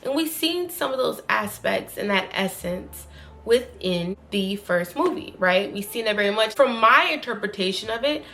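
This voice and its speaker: A woman giving casual, opinionated commentary to her viewers, animated and emphatic. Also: medium pitch, normal speed, slight background noise. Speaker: YouTube commentator.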